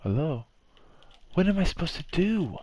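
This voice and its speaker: A man's voice: fairly high pitch, very animated, moderate pace, a little mellow. A man doing let's-play commentary on a visual novel, flustered and swearing, repeating hello as his home mic keeps cutting out. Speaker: gamer playing a visual novel.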